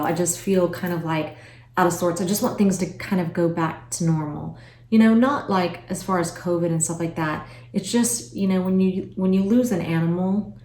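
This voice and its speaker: A woman in her forties chatting to camera in a vlog, emotional and soft-spoken, trailing off with fillers. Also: roomy sound. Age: 40s. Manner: high cooing voice when talking to her pets. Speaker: vlogger. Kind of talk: casual chat to camera. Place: at home, indoors.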